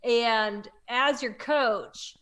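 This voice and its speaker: A woman's voice: fairly high pitch, very slow, fairly bright tone. A woman voicing a blunt, pushy sports coach, in a tabletop role-play.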